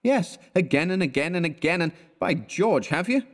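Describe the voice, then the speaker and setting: A man's voice: medium pitch, big pitch swings, a little fast, big-room sound, voice pushed up, natural voice. A man voicing an exasperated young male art student who scolds his friend with scorn.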